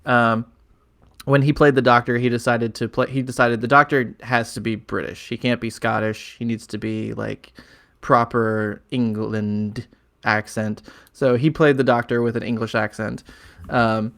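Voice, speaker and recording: A man's voice: medium pitch, steady tone, normal speed, vocal fry, a bit bright. Man rambling through a podcast recap. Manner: rambling, filler-heavy, chuckling recaps. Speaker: podcast co-host. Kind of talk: casual podcast chat.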